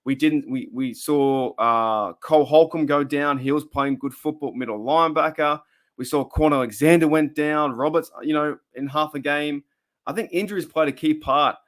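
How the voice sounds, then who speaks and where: A man's voice: a little high, normal speed, fairly bright tone. A young Australian man hosting a casual live stream, rambling and repeating himself as he reads the chat.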